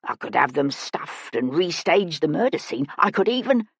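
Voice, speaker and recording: A woman's voice: very animated, moderate pace, slightly rough, dry recording, studio quality, full character voice. A woman voicing a greedy, flustered male tea garden owner who talks nervously and wheedles. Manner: wheedling, nervous, rising to shrill.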